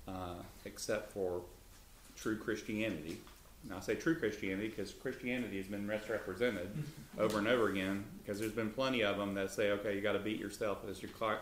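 Male co-host, casual Bible talk, jumps higher for quotes; roomy, slightly noisy recording. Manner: lively, pitch jumps up when voicing Jesus. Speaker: co-host of a Christian talk show. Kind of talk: conversational Bible teaching. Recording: echoey room.

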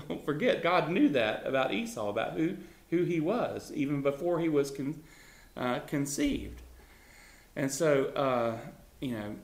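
A man's voice: mid-range voice, roomy sound. A man leading a Bible study in a conversational teaching style, chuckling often and talking loosely with fillers.

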